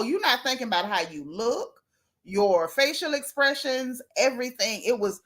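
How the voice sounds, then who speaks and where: A woman delivers casual gossip commentary straight to her viewers. She is sassy and animated, and she often talks right at the people she is mocking. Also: on the high side, normal speed. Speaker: gossip vlogger.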